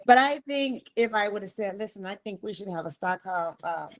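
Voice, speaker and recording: A woman's voice: medium pitch, animated, normal speed. A woman hosting a podcast interview, enthusiastic and acting out conversations with her husband. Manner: enthusiastic, acts out quotes. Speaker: podcast host.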